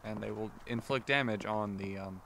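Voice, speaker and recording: A man's voice: lowish voice, normal speed, creaky, noisy background. A man casually commenting on his gameplay as a let's play host, chatty and rambling, often correcting himself. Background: game music.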